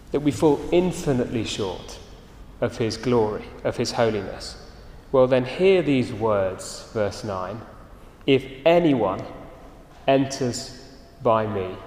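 A man preaching a sermon, earnest and emphatic, his phrases often sinking soft and low at the end. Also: lively intonation, slow pace, long pauses. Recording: echoey hall, reverberant.

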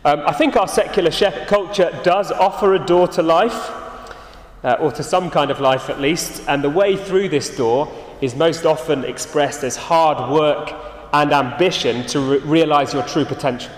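A man preaching a sermon, earnest and emphatic, his phrases often sinking soft and low at the end. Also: moderate pace. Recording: echoey hall, reverberant.

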